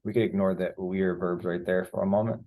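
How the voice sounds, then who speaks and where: Low, mellow male Spanish teacher. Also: steady tone, a little fast. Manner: patient, explains step by step with fillers. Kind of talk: screen-share grammar lesson.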